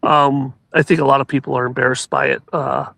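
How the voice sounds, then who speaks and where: A man's voice: mid-range voice, big pitch swings, brisk, gravelly, sharp tone, slight background noise. A man telling stories in casual chat on a show, rambling with many restarts and laughs.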